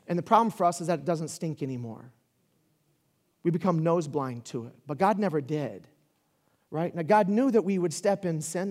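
A man preaching a sermon in a conversational, animated way, building to loud shouts. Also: sits high. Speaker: pastor.

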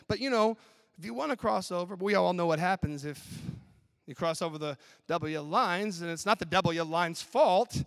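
A man who is a professor preaching a chapel sermon in an animated, playful way. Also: sits high, fairly quick, creaky. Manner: animated, playful, acts out skits with laughs. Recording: long hall reverb.

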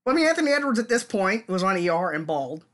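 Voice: medium pitch, big pitch swings, quick pace, a bit bright. A podcast co-host in their forties, chatting casually and laughing often. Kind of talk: casual chat.

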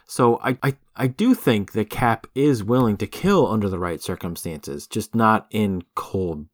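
A man with a low voice co-hosting a casual comics podcast. He talks in a measured, thoughtful way, pausing on ums. The recording is dry and close. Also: expressive, no room sound. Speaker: podcast co-host. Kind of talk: casual chat about comics.

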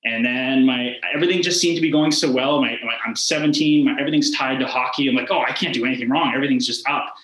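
This man in his twenties, once a hockey player, speaks quickly with few pauses in a fairly bright, medium-pitched voice. Interviewed casually in an echoey room, he wanders through his story with plenty of "like" and quoted exchanges.

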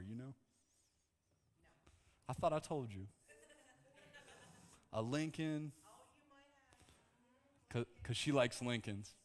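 A man preaching a lively sermon to his congregation, mixing calm teaching with jokes and bursts of shouting. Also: mid-range voice. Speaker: pastor. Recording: long hall reverb.

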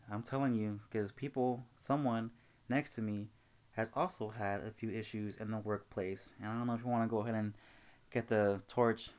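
On his casual talk show, a young host acts out both sides of a spat with a rude customer while telling the story animatedly. He speaks at a medium pitch.

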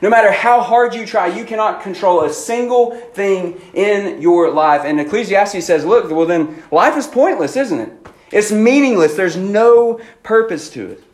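A man preaching a casual, conversational youth sermon, full of "like" and "man" and quick restarts. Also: high-pitched, lively intonation. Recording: roomy echo, faint room noise.

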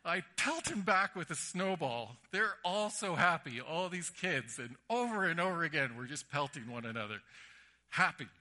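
A man's voice: on the high side, moderate pace. A man preaching a sermon, telling stories animatedly and acting out the voices. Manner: animated storytelling with acted-out voices.

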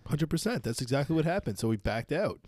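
A young man co-hosting a podcast, telling a story in lively casual chat with swearing. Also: on the high side, fast, dry recording, clean studio sound. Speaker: podcast co-host.

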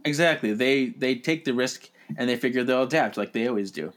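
A man co-hosting a casual podcast, playful and quick to laugh. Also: medium pitch. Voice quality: playful, quick to laugh, does silly voices. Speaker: podcast co-host.

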